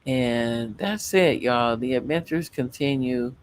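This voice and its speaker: A man's voice: mid-range voice, slow pace, slight background noise. A man chatting casually as a guest on a late-night livestream, rambling through loose sign-offs and talking to his viewers. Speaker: livestream guest and show host.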